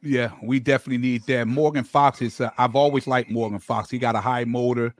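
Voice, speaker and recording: A man's voice: medium pitch, steady tone, fairly quick, no room sound. A man hosting a casual sports podcast, talking picks in an enthusiastic, conversational way. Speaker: podcast host.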